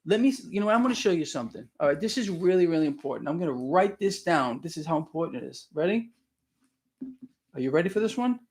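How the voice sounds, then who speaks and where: A man hosting a live stream about the markets, talking bluntly and with animation. His voice sits high for a man, and he laughs at panicked traders and answers viewer comments as they come in. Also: fast talker. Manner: blunt, animated, swears mildly, mocks and laughs; reads viewer comments aloud. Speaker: market commentator, show host.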